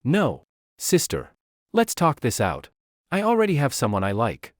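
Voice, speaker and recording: A man's voice: medium pitch, wildly swooping pitch, unhurried, no room sound, studio quality. A man voicing a flustered young man who protests nervously and stammers. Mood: panicked.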